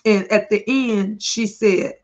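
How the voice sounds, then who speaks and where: A woman hosting a casual live chat while eating, greeting viewers by name in a slow, drawling way. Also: mid-range voice, steady tone, darkish tone. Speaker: livestream host. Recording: dull lo-fi livestream audio.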